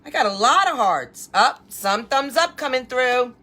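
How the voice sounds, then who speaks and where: A woman's voice: high-pitched, expressive, a little slow, pushed and bright. A woman hosting a live crafting stream from home, chatting and greeting viewers by name as she works. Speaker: craft livestream host.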